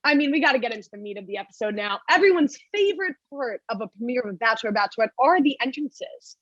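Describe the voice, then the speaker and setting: A woman's voice: fairly high pitch, expressive, fast talker, a bit bright, no room sound, muffled recording. A woman in her twenties from New Jersey hosting a casual podcast chat, upbeat and steering the talk with blunt opinions.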